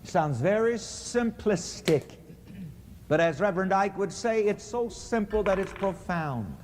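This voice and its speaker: A man preaches in a high voice that swoops up and down, stretching his words out slowly. He sets each line up for the congregation to echo back. The sound carries a long reverb, as if recorded in a large church hall. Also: expressive, darkish tone, slight background noise. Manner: rhythmic, has the congregation repeat his lines. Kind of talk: call-and-response sermon.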